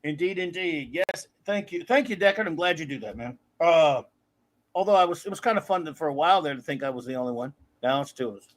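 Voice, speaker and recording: A man's voice: on the high side, expressive, quick pace. A man co-hosting a live stream, joking around and welcoming viewers by name in casual chat. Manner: jokey, greets viewers by name. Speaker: co-host of a live streamed show.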